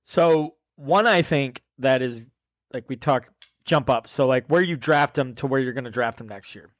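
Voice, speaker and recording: A man co-hosting a casual fantasy football podcast, chatty and analytical as he lays out his picks. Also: medium pitch. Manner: chatty, analytical, quick agreeing interjections. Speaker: podcast co-host.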